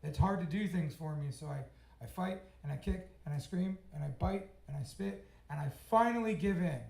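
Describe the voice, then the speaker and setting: Blunt swearing man with gravelly voice. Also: a little high, normal speed, a little mellow, echoey room, poor audio. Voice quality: swears freely, blunt and candid. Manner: self-mocking, laughs at himself. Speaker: storytelling speaker. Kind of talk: personal story told to a live audience.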